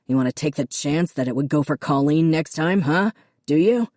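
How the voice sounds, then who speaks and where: A woman's voice: low voice, moderate pace, darkish tone, no room sound, clean studio sound, lightly acted. A woman voicing a stern, harsh middle-aged father who snaps curtly at his son. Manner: snapping, curt.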